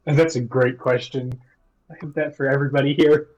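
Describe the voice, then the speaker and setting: A man's voice: medium pitch, fairly even intonation, brisk, a little mellow, dull audio. A man playing a tabletop role-playing game, joking in a dry, teasing way. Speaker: player.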